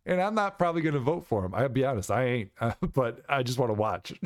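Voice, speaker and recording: A man's voice: medium pitch, lively intonation, fast, no echo, studio quality. A young man co-hosting a podcast in loose, profane casual chat, laughing often. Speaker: podcast co-host.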